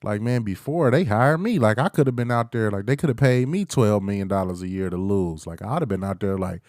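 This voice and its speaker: A man's voice: lowish voice, animated, a little fast, a little mellow, dry recording, clean studio sound. A young man hosting a casual solo sports talk, hyped and playful, trash-talking rivals and breaking into chants. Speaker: podcast host.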